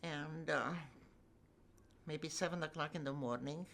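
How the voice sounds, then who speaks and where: A woman's voice: low voice, unhurried, creaky, fairly bright tone. An older woman telling her own life story in a vivid, emotional way with flashes of wry humor. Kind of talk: personal storytelling.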